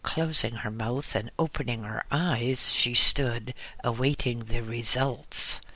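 A man narrating a humorous story in a deliberate, wry reading. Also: mid-range voice, sharp tone, no echo.

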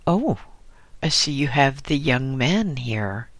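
A man voicing a short, very fat male monk messenger who is chatty and wheezy, in a high-pitched voice. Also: very animated, slow pace, a bit bright, no room sound. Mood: gossipy.

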